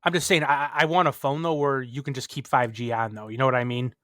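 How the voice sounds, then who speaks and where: A man's voice: medium pitch, fairly even intonation, fast, a bit bright. An American man in casual podcast chat, rambling and profane.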